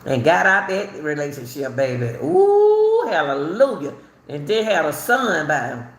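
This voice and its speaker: A middle-aged woman from Chicago tells her own story in a casual, animated way, laughing often and repeating herself. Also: low-pitched, moderate pace. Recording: roomy echo, faint ambience.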